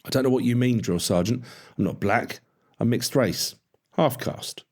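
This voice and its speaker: A man's voice: mid-range voice, normal speed, voice pushed up, lightly acted. A man voicing a young army cadet who answers politely while holding back his anger. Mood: restrained. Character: proud young male army cadet, mixed race.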